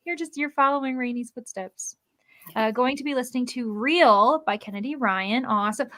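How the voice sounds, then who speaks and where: A woman's voice: a little high, normal speed, fairly bright tone. A woman hosting a casual livestream chat, reading out viewer comments in a chatty way. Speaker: livestream host.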